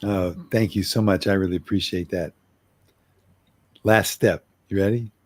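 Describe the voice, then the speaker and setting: A middle-aged man coaching on communication, acting out an apology in an earnest way and slowing down for emphasis. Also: deep voice, fairly even intonation. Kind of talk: role-played apology demonstration.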